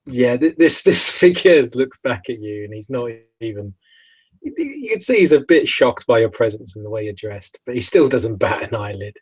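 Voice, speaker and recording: Husky-voiced male player narrating a tabletop game, hesitant and chatty. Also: mid-range voice, sing-song, moderate pace, dry recording, low-quality recording. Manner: hesitant, laughs often, many restarts. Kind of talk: tabletop role-play narration.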